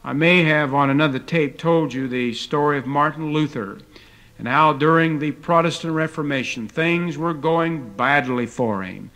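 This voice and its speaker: A man's voice: fairly high pitch, normal speed, fairly bright tone. An older man teaching a taped Bible lecture, telling stories in a folksy way with frequent hesitant fillers.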